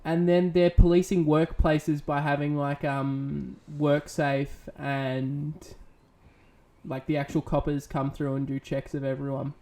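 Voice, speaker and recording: A man's voice: fairly high pitch, flat delivery, measured pace, warm tone. A man on a casual podcast, explaining rules in a matter-of-fact way. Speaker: podcast co-host.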